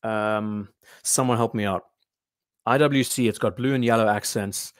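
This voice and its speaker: In an unhurried, steady, lowish voice, the host of a watch channel chats through a casual livestream, thinking aloud and answering chat comments he reads out between his own thoughts. The sound is close-miked and dry, with no room ambience.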